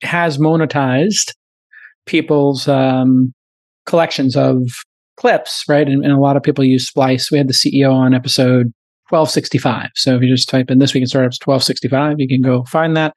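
A man's voice: mid-range voice, steady tone, moderate pace, darkish tone, dry recording. Riffing male podcast host, dry sound. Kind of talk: casual podcast chat.

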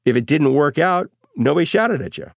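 Middle-aged man telling lively stories. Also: a little high, fairly quick, creaky, dry recording, clean studio sound. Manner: lively anecdotal storytelling, casual. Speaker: author and interview guest. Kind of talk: storytelling interview.

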